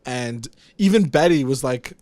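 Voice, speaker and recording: A man co-hosting a casual podcast recap, talking fast and animated, swearing and acting out characters' lines. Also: mid-range voice, no room sound. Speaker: podcast co-host.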